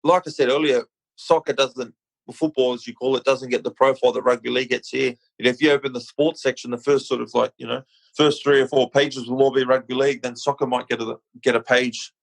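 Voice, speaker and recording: Gravelly Australian man chatting easily. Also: mid-range voice, quick pace, poor audio. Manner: relaxed, chatty, calls everyone mate. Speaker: guest, retired rugby league player. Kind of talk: casual interview chat.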